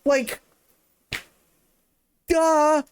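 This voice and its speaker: A man's voice: extremely high pitch, little pitch movement, very slow. A male streamer ranting in casual, profane, sarcastic chat on a live stream.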